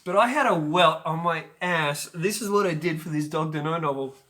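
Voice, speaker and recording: A man in his forties hosting his own show, telling a personal story in a chatty, animated way with sudden loud bursts. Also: a little high, moderate pace. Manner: animated, acts out scenes with sudden loud outbursts; chatty with frequent fillers and restarts. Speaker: show host.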